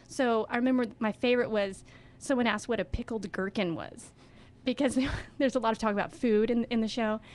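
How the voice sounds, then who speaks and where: A woman who directs children's theater, talking as a guest in a radio studio interview with enthusiasm and expression. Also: fairly high pitch.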